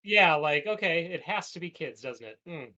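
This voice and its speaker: A man's voice: a little high, expressive, moderate pace, muffled recording, crowd noise. A man co-hosting a podcast, playing a cooperative card game and reading its story text aloud, often laughing. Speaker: podcast co-host and player. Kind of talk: casual board game play with card reading.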